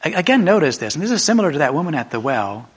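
A man preaching a sermon, telling a story emphatically and swinging from a hushed voice to a raised one. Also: on the high side, sing-song, rapid-fire, breathy edge.

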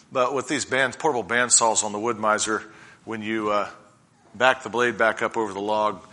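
Middle-aged guy preaching, kinda low pitched, sharp punchy tone, earnest, tells stories from his life. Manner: earnest, slows down to stress key points. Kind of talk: sermon with personal stories.

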